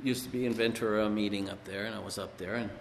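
A man's voice: lowish voice, fairly even intonation, fast, a little hiss or hum. A man giving a personal recovery testimony at a meeting, a rambling storyteller who leans on "you know". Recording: echoey hall with long reverb.

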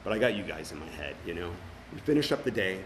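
An earnest middle-aged man with a lowish voice gives personal testimony at a recovery meeting. He tells his story plainly and warmly, with frequent ums and restarts. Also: sing-song, quick pace, slight background noise, low-quality recording.

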